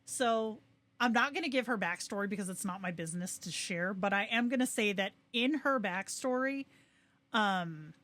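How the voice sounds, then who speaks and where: A young adult woman hosting a casual livestream, chatting excitedly and reacting to viewers with quick asides. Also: medium pitch. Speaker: livestream host.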